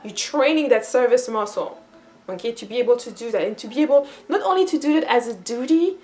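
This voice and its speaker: High-voiced woman explaining with lively restarts. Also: a little fast. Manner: acts out quoted voices with lively shifts; repeats and restarts phrases while thinking aloud. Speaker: cultural teacher. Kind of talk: casual explanatory monologue.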